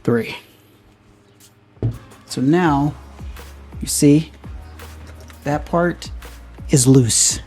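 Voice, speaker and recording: A man's voice: fairly high pitch, very slow, long pauses, a little mellow, faint music behind. A man casually walking viewers through a hands-on car repair, thinking aloud as he works. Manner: thinks aloud while working, loose and conversational. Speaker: car DIY reviewer.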